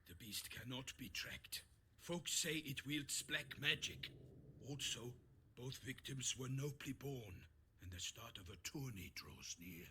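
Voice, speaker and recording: An actor playing a proud, formal knight envoy in a video game, with a put-on French-sounding accent and courtly, earnest speech. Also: male voice, medium pitch, measured pace, pushed and bright, a little hiss or hum.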